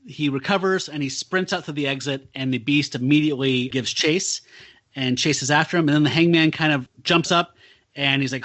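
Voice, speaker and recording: A man's voice: fairly high pitch, moderate pace, a bit bright, no room sound. A man casually recounting a comic story on a podcast, swearing easily. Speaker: podcast panelist. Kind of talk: casual chat.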